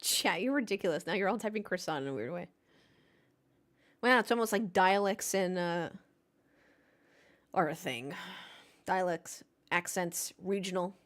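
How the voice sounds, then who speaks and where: A woman's voice: on the low side, measured pace, long pauses. A woman streaming a race watchalong, talking casually into a desk mic. She jokes around and answers her live chat in a playful, chatty way.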